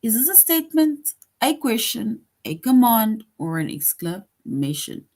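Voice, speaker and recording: A woman teacher giving an online lesson to second graders, slowly reading example sentences aloud and explaining each one. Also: fairly high pitch, very animated, dark tone. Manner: slow, deliberate, reads example sentences aloud.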